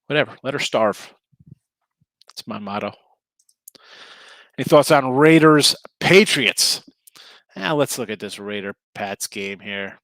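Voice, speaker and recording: A tired middle-aged man rambles through a casual betting chat with viewers and keeps correcting himself. His voice sits at an ordinary middle pitch and sounds dry and close, with no room echo. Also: lively intonation, slow pace, pauses often, a bit bright. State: tired, yawning. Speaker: sports betting show host.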